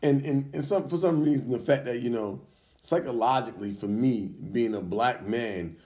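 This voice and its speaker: A man co-hosting a podcast, telling a heated story in casual chat, animated and profane, acting out arguments. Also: medium pitch, normal speed. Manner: animated, profane, acts out confrontations. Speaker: podcast co-host.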